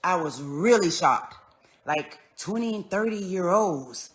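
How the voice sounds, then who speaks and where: A woman telling a personal story in an earnest, conversational way, going soft and then raised as she relives moments. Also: on the low side, animated, slow. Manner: earnest, conversational, swings between quiet and raised when retelling. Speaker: vlogger.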